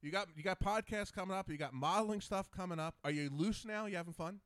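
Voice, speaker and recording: A man hosting a podcast, telling stories in casual chat with an animated manner. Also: high voice, fast talker, no room sound, studio quality. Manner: animated storyteller. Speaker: podcast host.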